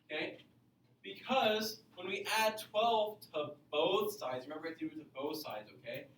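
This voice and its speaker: A man teaching algebra to a class, energetic, asking the students questions and repeating key points. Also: on the high side, moderate pace. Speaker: math teacher. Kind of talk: classroom lecture. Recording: echoey classroom from far off, faint noise.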